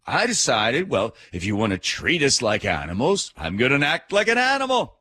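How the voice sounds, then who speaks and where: A middle-aged man hosting a talk radio show, telling a story in an animated, indignant rant. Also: medium pitch, normal speed, slightly rough, no room sound, studio quality. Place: radio studio.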